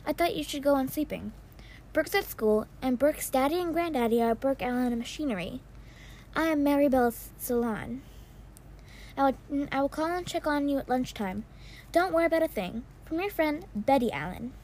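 A woman's voice: high voice, lively intonation, normal speed, darkish tone. A woman voicing a kind, motherly woman who bakes cakes, in a storybook reading. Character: warm Southern mother baking cakes.

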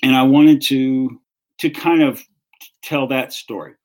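A man in his fifties with a Southern US accent, relaxed as he tells his story in an interview. He is a music writer and author, he often restarts his sentences, and his voice sits at a middling pitch. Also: takes it slowly, rough recording. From North Carolina. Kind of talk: conversational interview answer.

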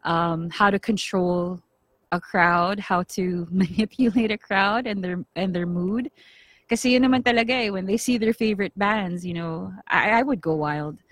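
A woman's voice: mid-range voice, normal speed, no room sound. A woman with a Filipino accent, a radio and event host, chatting animatedly and laughing often. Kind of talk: casual podcast chat.

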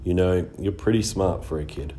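Guy doing a mumbly tired big brother, low dark voice. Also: normal speed, slight background noise, close to an everyday voice. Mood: tender. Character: young man, quiet, weary older brother.

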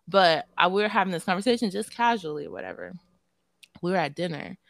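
Animated storytelling Southern woman, dry mic. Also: lowish voice, fast, creaky, no room sound. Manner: animated storytelling, swearing freely. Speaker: podcast co-host. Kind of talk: casual chat.

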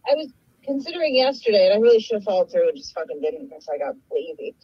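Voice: medium pitch, sing-song, very fast, slightly rough, dry recording, dull audio. A guest on a call, talking casually and hesitantly with many fillers. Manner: hesitant, full of "like".

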